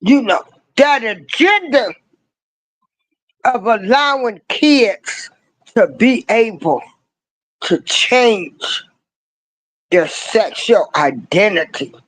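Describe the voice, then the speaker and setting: Heard on a rough recording with no room sound, this older woman rants about politics online at length, her pitch animated. She hammers home the same rhetorical questions, uses plenty of slang, and shifts from climbing outbursts to muttered asides.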